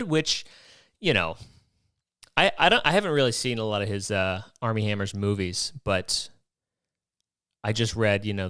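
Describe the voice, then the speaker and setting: A man's voice: on the low side, fairly bright tone, clean tone, no room sound, studio quality. A young man hosting a podcast, ranting comically with lots of swearing and rhetorical questions. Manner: profane, rambling, rhetorical questions. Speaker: podcast host. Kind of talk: comedic rant monologue.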